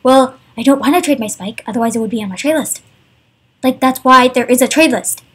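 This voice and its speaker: A woman's voice: high-pitched, fairly bright tone, slightly rough. A young woman vlogging casually over a game, ranting in an exasperated way, full of "like" and fillers. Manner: exasperated, fast, filler-heavy with many "like"s. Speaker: gaming vlogger.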